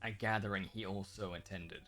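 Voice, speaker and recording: A man voicing his character in a tabletop game with a low, measured, formal delivery. He sounds poised and unhurried. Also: steady tone, a bit bright, faint music behind. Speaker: player.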